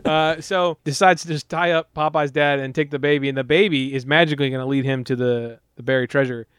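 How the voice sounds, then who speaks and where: A man's voice: mid-range voice, steady tone, fairly quick, a bit bright, clean tone, dry recording, clean studio sound. A man recapping a movie in casual comedic chat, swearing a lot and acting out the characters' lines. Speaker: podcast co-host.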